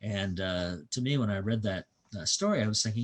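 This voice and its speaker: In a lowish voice, a man speaking as a visiting historian and author lectures on history at a museum. His unhurried narration is punctuated by many filler "uh"s.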